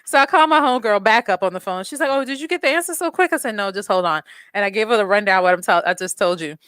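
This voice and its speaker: A woman hosting a podcast, telling a story in an animated, blunt way, swearing freely and acting out quotes. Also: mid-range voice, quick pace, smooth, no room sound. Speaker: podcast host. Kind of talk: casual storytelling chat.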